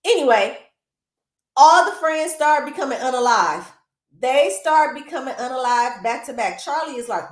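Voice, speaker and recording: High voiced lady gossiping through a movie plot, lots of asides to viewers, roomy echo. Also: expressive, moderate pace. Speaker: film recap host. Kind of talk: casual movie recap.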